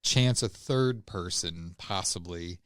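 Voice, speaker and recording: A man co-hosting a podcast, talking casually and haltingly with many restarts. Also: sits low, dry recording, studio quality. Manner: hesitant, with many fillers and restarts. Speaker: podcast co-host. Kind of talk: casual chat.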